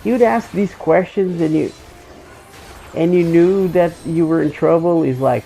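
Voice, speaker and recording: Gravelly-voiced man rambling through a story. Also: a little high, normal speed, dark tone, low-quality recording. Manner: swears freely, restarts sentences. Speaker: game streamer.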